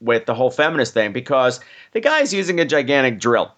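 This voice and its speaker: A man hosting a casual, joking movie-review podcast, animated and quick to laugh. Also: mid-range voice. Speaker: podcast host.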